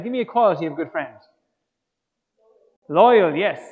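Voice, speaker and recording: An Irish man giving a lively, joking faith talk to young people, quizzing the audience as he goes. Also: high-pitched, measured pace, pauses often, husky, dull audio. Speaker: youth speaker.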